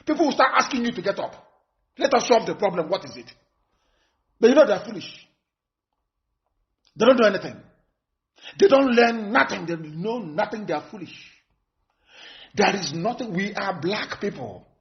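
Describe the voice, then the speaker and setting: A Nigerian-accented man delivers a fiery broadcast address in a voice pitched high for a man. He is scornful and emphatic, hammering phrases again and again. The recording is dull and lo-fi. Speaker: political activist. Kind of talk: impassioned live broadcast speech.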